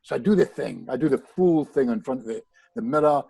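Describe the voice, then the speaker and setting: A man with a mid-range, gravelly, slightly rough voice talks briskly in a dry, rough recording. Appearing on a podcast as a hypnotist, he animatedly relates a personal anecdote in conversation, often starting phrases over and turning straight to the host.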